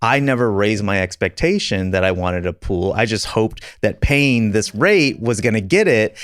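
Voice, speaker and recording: A man's voice: on the low side, clean tone, no room sound, studio quality. A man hosting a podcast conversation, telling stories in a casual, self-deprecating way and laughing often. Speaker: podcast host.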